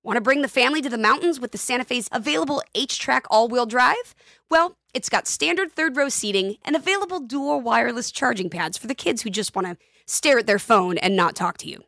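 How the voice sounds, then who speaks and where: A woman's voice: fairly high pitch, brisk, gravelly, a bit bright, no echo, studio quality. A woman reading a scripted ad in a playful, chatty way. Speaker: ad reader. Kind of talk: scripted ad read.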